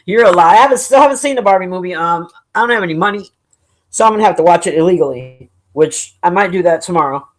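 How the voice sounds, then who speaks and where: A live streamer chats loosely with viewers while reading chat, speaking fast in an expressive mid-range voice. He's blunt and opinionated, cursing often, cracking jokes and laughing a lot.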